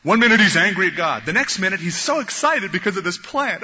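A man preaching a sermon, animated, acting out the voices of biblical figures as he goes. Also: high voice, fairly quick, husky. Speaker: pastor. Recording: dull lo-fi recording in a reverberant hall.

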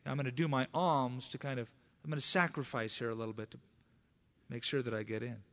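A pastor voicing a building owner in a retold conversation, matter-of-fact and confiding. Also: male voice, medium pitch, steady tone, fairly quick, fairly bright tone, natural voice. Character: earnest middle-aged male landlord.

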